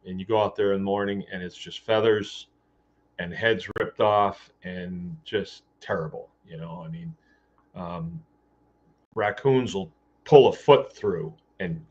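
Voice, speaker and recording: A man's voice: sits low, a little slow. A man hosting a podcast, telling a story in a loose, rambling way with fillers and restarts. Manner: rambling, with many fillers and restarts, acting out quoted dialogue. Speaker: podcast host. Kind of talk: casual storytelling monologue. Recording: dull lo-fi sound.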